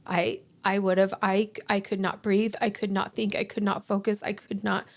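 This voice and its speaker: A woman in her forties, a podcast guest, telling an emotional personal story in a halting way, with restarts and acted-out quotes. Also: mid-range voice, level tone.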